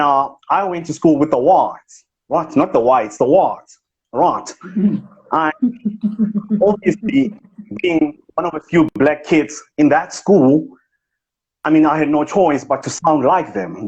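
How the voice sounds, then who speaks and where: On a live video call picked up by his phone, a man with a highish, slightly rough voice mimics a self-important South African business type. The comedic bit has him bragging and scolding, and the livestream recording is lo-fi.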